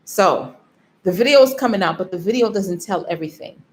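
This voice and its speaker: A woman's voice: mid-range voice, expressive, fairly quick, slight background noise. A tired woman vlogger telling a story in casual chat, emotional and yawning, with frequent laughs. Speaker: vlogger on a live stream.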